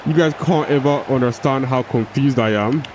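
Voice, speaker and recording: A man's voice: medium pitch, moderate pace, background noise. A young man giving casual gameplay commentary, often frustrated, swearing and restarting his sentences. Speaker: gaming YouTuber.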